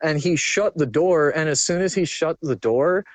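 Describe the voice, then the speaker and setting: A man's voice: on the high side, normal speed, no echo. Casual profane young man, dry sound. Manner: casual, profane, filler-heavy. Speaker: guest. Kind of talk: candid personal storytelling.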